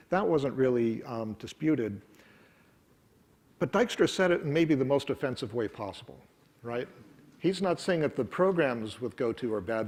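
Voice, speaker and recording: This middle-aged conference speaker has a mid-range voice with a darkish tone. Presenting a technical talk in a conference room, he stays wry and conversational, filling pauses with plenty of ums and uhs.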